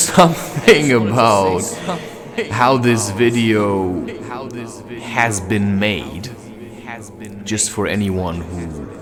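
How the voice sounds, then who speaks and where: A man vlogging with a handheld camera as he walks through a forest at night, musing in a meandering, self-interrupting way. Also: fairly low pitch. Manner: meandering, self-interrupting, talks while walking. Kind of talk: rambling spiritual musing.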